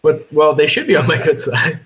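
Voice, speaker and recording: A man's voice: on the high side, animated, fairly quick, fairly bright tone. Self-mocking American man telling stories. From United States. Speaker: podcast co-host. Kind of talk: casual live-stream chat.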